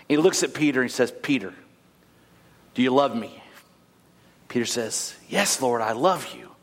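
A male pastor leading communion, telling a scripture story in a conversational way. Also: fairly high pitch. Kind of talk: sermon.

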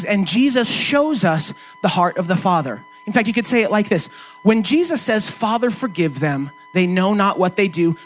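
Male pastor, high pitch, loose conversational preaching with rhetorical questions. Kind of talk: sermon.

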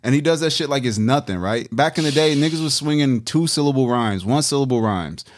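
A man co-hosting a casual hip-hop review podcast, excitedly reading lyrics aloud and breaking down the rhyme schemes, laughing often. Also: mid-range voice, a little fast. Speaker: podcast co-host.

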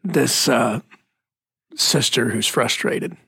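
Man, gravelly voice, slightly husky, casual preaching talk, dry sound. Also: medium pitch, slow pace, sharp tone, dry recording. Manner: storytelling, emphatic. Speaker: pastor co-hosting a faith talk.

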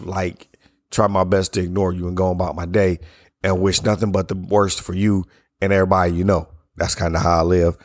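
Sitting low in pitch, this man's voice comes through studio-clean with no echo, though it's hoarse and strained from yelling. He talks alone on his podcast in a blunt, opinionated, conversational way, yawning between sentences.

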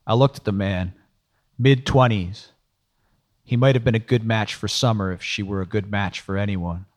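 Man, audiobook narrator, first-person, dry, sardonic, low-pitched. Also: fairly even intonation, normal speed.

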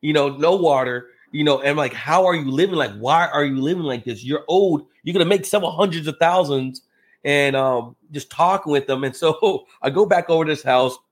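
A man telling a story as a podcast guest, acting out the people in it with lively jumps in his voice. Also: fairly quick. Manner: animated, acts out quotes with big pitch jumps. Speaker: podcast guest, real estate investor. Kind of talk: casual storytelling in conversation.

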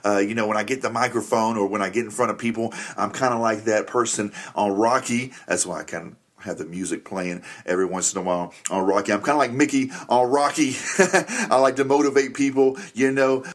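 A middle-aged man hosting a Christian family podcast, upbeat and jokey, often saying "that's right" as he motivates listeners. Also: on the low side. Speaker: podcast host.

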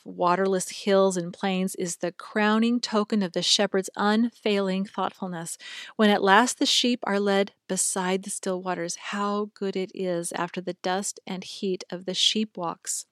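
A woman reading a book aloud in a calm, measured and reverent way. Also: mid-range voice, no echo, clean studio sound. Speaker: reader.

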